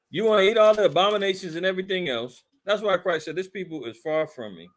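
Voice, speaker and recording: A man's voice: sits high, fast talker, few pauses. A man leading a conversational Bible teaching, fiery and mocking in a preachy way.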